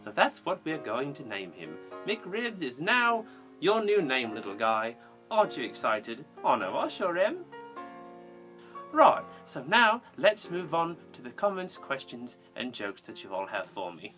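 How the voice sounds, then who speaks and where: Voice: medium pitch, wildly swooping pitch, measured pace, fairly bright tone, soft background music. A fan cosplayer playing an eccentric, giggling retired male undertaker from England, with a theatrical sing-song delivery and fond, whimsical manner. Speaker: fan cosplay answering viewer questions. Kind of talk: in-character fan parody video.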